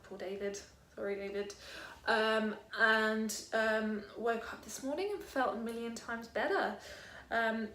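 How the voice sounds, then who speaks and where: A woman's voice: medium pitch, fairly bright tone, slight background noise. Rambling young British woman, echoey room. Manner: rambling, hesitant, lots of ums. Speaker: vlogger. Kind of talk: casual chat to camera.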